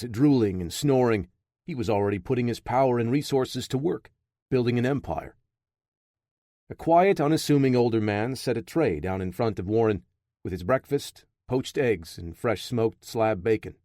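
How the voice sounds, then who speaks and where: A man with a medium-pitched voice tells a thriller audiobook steadily and with measure. The sound is studio quality, free of any room sound.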